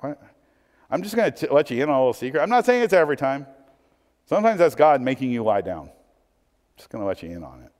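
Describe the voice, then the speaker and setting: A man preaching a sermon, swinging between emphatic points and hushed, conversational asides. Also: a little high. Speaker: pastor. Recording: long hall reverb.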